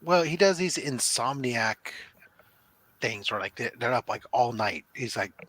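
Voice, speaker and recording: A man's voice: mid-range voice, lively intonation, a little slow, fairly bright tone, no echo. A middle-aged man hosting a casual live stream, telling easygoing, rambling stories. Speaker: host.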